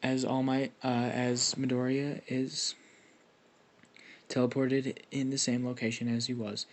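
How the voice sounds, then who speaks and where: A man's voice: medium pitch, flat delivery, measured pace. A young man casually improvising a fan story, rambling and swearing with lots of restarts.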